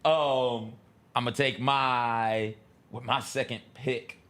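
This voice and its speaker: A man's voice: mid-range voice, takes it slowly. A man co-hosting a sports talk show, chatting casually and laughing as he retells famous rants. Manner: animated, laughing, acts out quoted rants loudly. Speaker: sports radio co-host.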